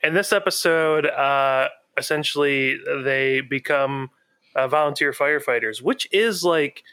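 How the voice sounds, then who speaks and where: A man's voice: medium pitch, a little slow, pushed and bright, smooth, dry recording. A man chatting casually as a podcast co-host, retelling an episode with frequent laughs and filler words. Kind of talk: casual chat.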